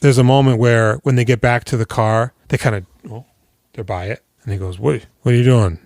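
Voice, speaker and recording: A man's voice: medium pitch, brisk, dry recording, clean studio sound. A man co-hosting a casual podcast, retelling a film scene by scene with lots of swearing and acting out the characters. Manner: animated, swearing, acts out characters in big voices. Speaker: podcast co-host. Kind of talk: casual chat recapping a film.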